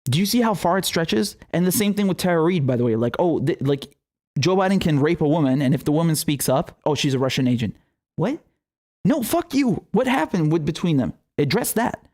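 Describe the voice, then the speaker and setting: A man's voice: on the high side, a little fast. A young man giving a heated solo political commentary, swearing often and ranting sarcastically. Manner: profane, animated, sarcastic rants.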